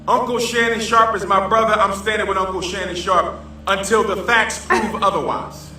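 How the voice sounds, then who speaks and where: A man with a very high, bright voice joking through a casual social-media rant. He repeats lines and laughs along. The clip is roomy and distant, with faint noise behind. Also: fairly even intonation, normal speed. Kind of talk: casual selfie-video rant.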